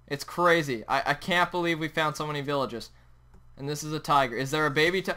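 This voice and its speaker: A young man hosting a Minecraft let's play, talking excitedly over his gameplay and yelping at sudden moments. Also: on the high side, a little fast. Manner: excitable, yelps and shouts at the game. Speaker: gaming channel host.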